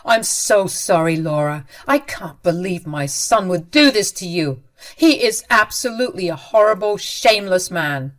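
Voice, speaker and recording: A woman's voice: medium pitch, very animated, a little slow. A woman voicing a firm, protective older father-in-law. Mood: angry.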